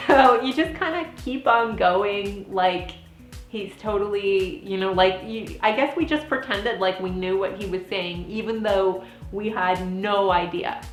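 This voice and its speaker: A woman in her thirties telling funny stories in a casual vlog, giggly and animated, with lots of "like" fillers. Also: medium pitch, measured pace. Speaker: vlogger and former theme park princess performer. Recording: echoey room with faint music.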